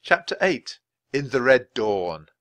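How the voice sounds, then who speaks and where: A man's voice: medium pitch, very animated, slow, fairly bright tone, no room sound. A man reading a children's chapter book aloud at natural speed for language learners, with dramatic expression. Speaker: narrator.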